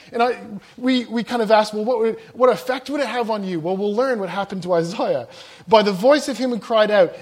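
A man preaching a sermon to young people, swinging between loud, emphatic passages and hushed, slow, low-voiced reading. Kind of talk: sermon to a youth audience.

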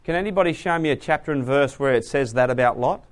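A man's voice: mid-range voice, fast talker. Guy giving a sermon, acts out the story, keeps asking the room questions. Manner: animated storyteller, asks the audience questions. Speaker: preacher.

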